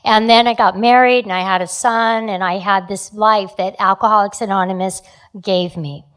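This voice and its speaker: A woman's voice: medium pitch, fairly even intonation, moderate pace, fairly bright tone, smooth. A woman in her fifties or sixties speaks candidly at a recovery meeting about her own past. Her sentences stop and restart, padded with ums and uhs, in a plain, unpolished way of talking. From New Jersey. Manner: candid, frequent fillers and restarts. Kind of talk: sharing a personal recovery story.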